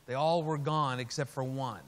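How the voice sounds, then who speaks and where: A man preaches through a family story, slipping into the voices of his characters as he goes. His voice sits at an ordinary middle pitch, and the sound carries a long reverb from a large hall. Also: moderate pace. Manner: animated storyteller, acts out quotes. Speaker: speaker. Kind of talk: storytelling sermon.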